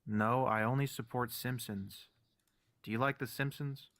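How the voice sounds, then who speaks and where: A man calling in to a livestream, answering in a deadpan, joking way. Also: mid-range voice, a little slow, no echo. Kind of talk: casual call-in chat.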